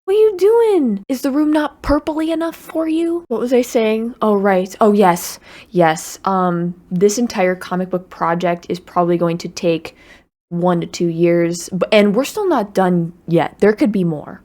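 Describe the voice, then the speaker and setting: A woman YouTuber chatting casually to camera at home, bubbly and excitable, with playful asides as she unboxes. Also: medium pitch. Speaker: YouTuber unboxing fan mail. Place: at home in her apartment.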